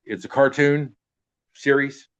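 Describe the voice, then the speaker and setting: A man's voice: mid-range voice, steady tone, slow pace, a bit bright, smooth. An older man, an actor, telling casual anecdotes in an interview in a rambling way, restarting sentences and trailing off with throwaway tags. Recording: dull lo-fi recording.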